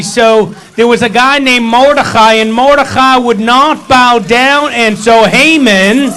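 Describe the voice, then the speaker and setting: A man's voice: very high-pitched, slow pace, sharp tone, poor audio. A man leading a service, telling a holiday story with humor and playful asides in a sanctuary. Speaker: service leader.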